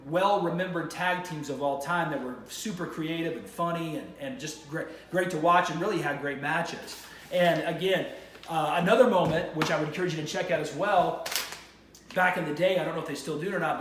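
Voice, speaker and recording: Excitable man vlogging in a roomy space. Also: fairly high pitch. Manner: enthusiastic, rambling with frequent restarts. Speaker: vlog host. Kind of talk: casual to-camera monologue. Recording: roomy echo with faint ambience.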